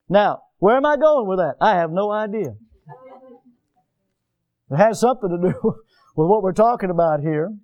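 A male preacher delivering a sermon, with animated storytelling in which he acts out the people he describes. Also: high voice.

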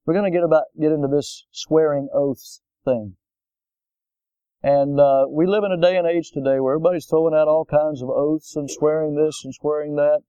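A male pastor preaching with a fairly high but mellow, dark-toned voice. He builds to loud peaks on key points and slows down to drive them home. The recording is dull and lo-fi, with a dry, close sound. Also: fairly even intonation, clean tone, no echo. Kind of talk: sermon with closing prayer.

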